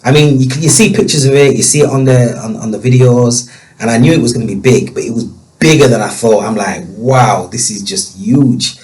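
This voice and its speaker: Halting emotional man. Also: mid-range voice, a little mellow, poor audio. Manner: emotional, halting, many restarts. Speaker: guest. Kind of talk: personal storytelling.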